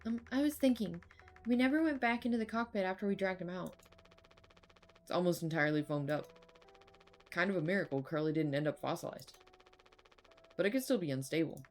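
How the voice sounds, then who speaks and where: A woman's voice: lowish voice, a little mellow, slight background noise, lightly acted. A woman reading a timid, hesitant nurse. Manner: hesitant, halting. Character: timid young female ship nurse, hesitant.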